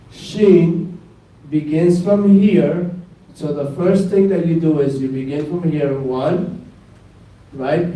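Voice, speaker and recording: A man with a Northeastern US accent leads a classroom lesson, calling out letter names and drilling them for his students. His voice is mellow and a little higher than most men's, and he takes his time over each step. He is picked up from across a boomy, reverberant classroom. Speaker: imam teaching Arabic letters. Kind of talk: classroom lesson, slow and repetitive. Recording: echoey room picked up from a distance.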